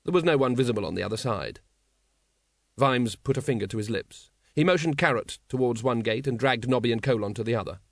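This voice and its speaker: A man reading a story aloud as an audiobook narrator, in a steady storytelling manner. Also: mid-range voice, a little fast, no room sound, clean studio sound. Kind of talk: scripted narration.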